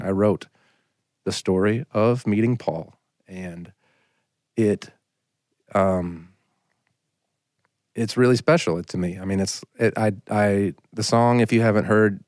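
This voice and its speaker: A man's voice: lowish voice, darkish tone, no room sound, studio quality. A man in his thirties, a singer-songwriter guest on a podcast, telling a long, rambling anecdote with lots of "like" fillers. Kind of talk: casual storytelling in a podcast interview.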